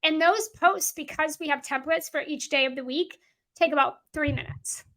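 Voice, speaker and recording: Woman, business coach, high voice, emphatic, repeats her points, masterclass teaching. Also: moderate pace, bright, forceful tone. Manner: emphatic, repetitive, acts out quoted clients.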